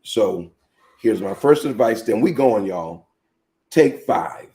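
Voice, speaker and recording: A man hosting a live teaching show as a pastor, telling animated personal stories and speaking straight to his viewers. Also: fairly low pitch, slow pace.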